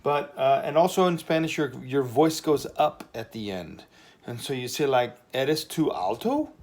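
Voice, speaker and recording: A man gives a laid-back lesson as if at a whiteboard. He talks in an easygoing way, pausing with fillers and often checking that the class is following. His voice sits at an ordinary middle pitch. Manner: relaxed, chatty, many fillers and "okay?" checks. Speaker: Spanish teacher.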